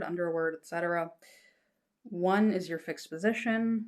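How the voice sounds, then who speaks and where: A woman teaching a lesson patiently, explaining step by step and reassuring her students, breaking into short chanted examples. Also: fairly low pitch.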